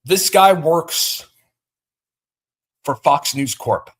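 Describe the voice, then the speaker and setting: A man's voice: a little high, animated, extremely slow, a bit bright, slightly rough. Agitated man ranting on a livestream. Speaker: livestream host. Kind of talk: livestream commentary.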